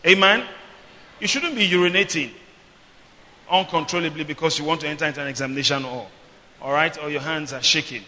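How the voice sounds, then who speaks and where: A man preaching in a high, piercing, brilliant voice. He swings between booming declarations and calm teaching, calling the congregation to answer back. The sound rings with the long reverb of a church hall. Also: a little fast. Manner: preaching with call-and-response, swinging from loud declarations to quiet explanation. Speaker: pastor. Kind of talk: sermon.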